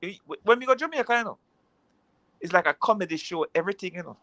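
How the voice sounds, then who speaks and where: A man's voice: high-pitched, expressive, quick pace, bright, forceful tone, no echo. A man in a casual chat, telling jokey stories in patois-laced speech.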